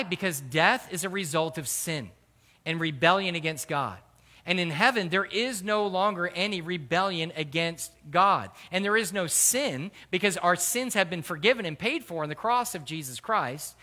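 A man's voice: fairly high pitch, pushed and bright. A middle-aged male pastor preaching a sermon, earnest and conversational, repeating key phrases for emphasis and telling personal stories. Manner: conversational storytelling with fillers.

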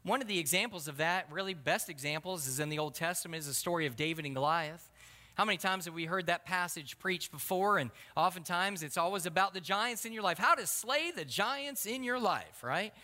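Chatty pastor preaching, high bright voice, big echoey church. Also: male voice, fairly quick. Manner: self-deprecating, conversational preaching. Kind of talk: sermon. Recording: long hall reverb.

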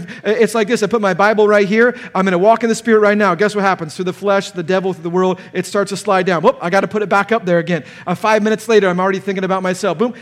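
Preaching at a conference, a pastor whose voice is high for a man becomes loud and sharp as he animatedly voices the people he quotes. Each phrase rings out with long reverb through the large hall.

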